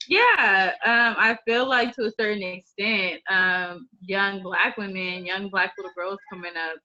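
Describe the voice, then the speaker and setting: Thoughtful bright-voiced woman podcast guest. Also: medium pitch, dull audio. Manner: thoughtful, measured, earnest. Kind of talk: casual podcast chat.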